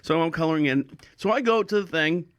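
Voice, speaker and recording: A man's voice: a little high, expressive, fairly quick, dry recording, clean studio sound. A man hosting a podcast, telling a rambling, jokey story in a casual monologue. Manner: rambling, jokey, self-mocking. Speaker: podcast host.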